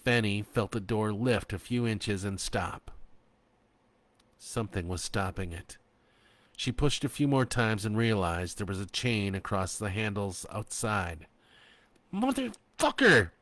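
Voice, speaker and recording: A man narrating his own horror story in a slow, expressive reading. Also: fairly low pitch, no room sound.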